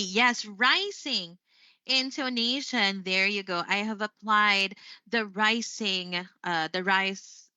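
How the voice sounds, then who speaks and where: A woman teaching an English lesson on a live stream. She speaks slowly and expressively, laughing often. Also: mid-range voice, no room sound. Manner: slow, expressive delivery with frequent laughs. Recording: slightly muffled stream audio.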